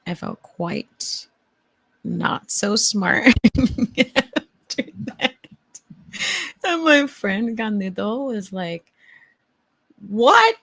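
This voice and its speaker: Slow, gravelly-voiced woman hosting a stream. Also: mid-range voice, lively intonation, fairly bright tone, no echo. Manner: playful, laughs often, swears casually. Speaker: host. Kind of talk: casual live-stream chat. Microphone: mic on a stand.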